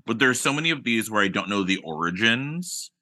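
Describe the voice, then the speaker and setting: A man co-hosting a podcast in casual chat, animated and playful. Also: lowish voice, a little fast. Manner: animated, playful, jumps into silly bits. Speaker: podcast co-host.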